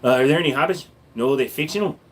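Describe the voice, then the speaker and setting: Speaking fast at a medium pitch, this livestream host reads viewer comments and answers them with crude, blunt humor. His banter with chat is casual and full of profanity.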